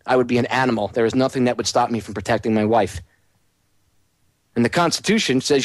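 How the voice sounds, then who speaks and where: A man's voice: mid-range voice, expressive, quick pace, no room sound. Heated ranting male radio host. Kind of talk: talk radio monologue.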